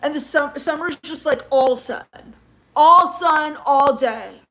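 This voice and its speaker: Slow and a bit bright, a high-voiced woman reads her comedy livestream's chat aloud. She meets the messages with gloomy, sarcastic rants in a mock-goth vein.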